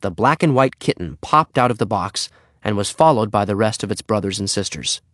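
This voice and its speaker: Lively, low-voiced man reading a story. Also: fairly quick, dry recording, clean studio sound. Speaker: narrator. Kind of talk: storybook read-aloud.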